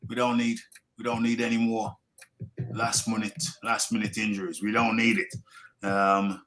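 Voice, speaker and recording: A man's voice: lowish voice, flat delivery, unhurried, fairly bright tone, poor audio. Joking male boxing podcast host. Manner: repeats himself, wry and joking. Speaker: boxing talk show host. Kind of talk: casual live podcast chat.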